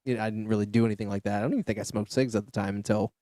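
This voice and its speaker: A young man hosts a podcast, telling a loose, casual story loaded with swearing and fillers. His fairly low, mellow voice stays steady in tone while he races along. The studio podcast mic gives a dry, studio-quality sound.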